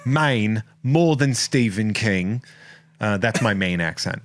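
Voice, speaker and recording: A man's voice: fairly low pitch, animated, slow, no room sound. An American man hosting a podcast, rambling and joking at his own expense in casual chat. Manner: jokey, rambling, self-mocking. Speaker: podcast host.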